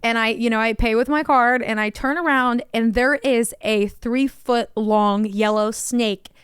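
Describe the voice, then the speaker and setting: A woman co-hosting a podcast in casual chat, telling stories in an animated way and acting out what people said. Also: fairly high pitch, measured pace, clear, resonant tone, dry recording, studio quality. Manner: animated storyteller who acts out quotes. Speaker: podcast co-host.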